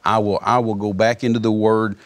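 A man in his seventies, a former missionary, tells his own faith story as a guest on a Christian interview. His lowish voice stays level in tone and moves a little fast. He is earnest, repeats himself, and acts out the dialogue he quotes.

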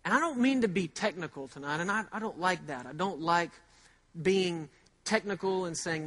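High-pitched male preacher, chatty sermon delivery, drives points home with slow repeated lines. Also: animated, pushed and bright. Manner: repeats key phrases slowly for emphasis; conversational, with rhetorical questions. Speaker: pastor.

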